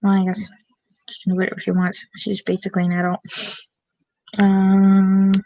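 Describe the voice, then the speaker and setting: A woman's voice: mid-range voice, completely flat delivery, moderate pace, dark tone, no echo, dull audio. A young woman streaming late at night, chatting casually and rambling with lots of filler words.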